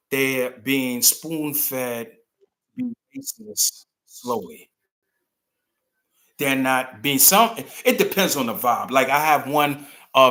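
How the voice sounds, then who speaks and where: Male show host, bright forceful voice, animated and loose, slips into quoted voices mid-rant. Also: medium pitch. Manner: animated, rambling, acts out quoted people. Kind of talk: casual opinion monologue.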